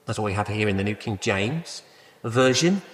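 A man's voice: on the low side, animated, normal speed. A man preaching a sermon in a conversational way, often asking rhetorical questions. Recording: echoey hall with long reverb.

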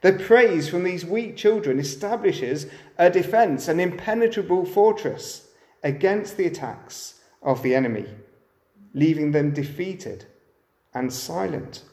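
A man's voice: high voice, animated, measured pace, warm tone, roomy sound. A man preaching a sermon, often turning to the listeners with rhetorical questions.

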